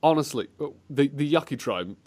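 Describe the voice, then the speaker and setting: A man hosting a comedic game show, excitable and jokey, joking through bits with his co-host. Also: medium pitch, a little fast. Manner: excitable, jokey, breaks into laughs and silly voices. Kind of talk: comedic banter about games.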